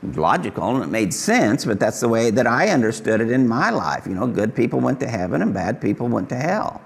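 A man's voice: big pitch swings, brisk, gravelly. An older man from Kansas, giving an earnest, folksy testimony sermon as a pastor. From Kansas, USA. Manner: earnest, folksy, rises high when voicing Jesus.

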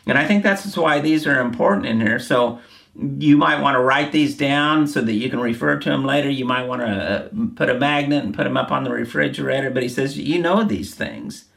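A man's voice: mid-range voice, fairly quick, gravelly, fairly bright tone. A man preaching a sermon, earnest and repeating key phrases for emphasis. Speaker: pastor.

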